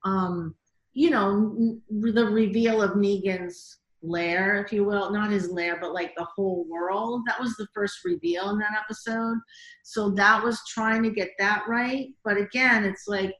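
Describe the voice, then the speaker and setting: Bright, animated woman telling stories. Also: medium pitch, reverberant. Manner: animated, quick, many "like"s and quoted reactions. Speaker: guest, TV director. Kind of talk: casual interview storytelling.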